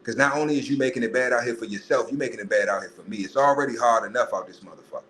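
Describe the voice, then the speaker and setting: A man hosting a podcast, ranting in a profane, animated way and putting on mocking voices. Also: mid-range voice, racing, slight background noise, low-quality recording. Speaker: podcast host. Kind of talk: casual monologue.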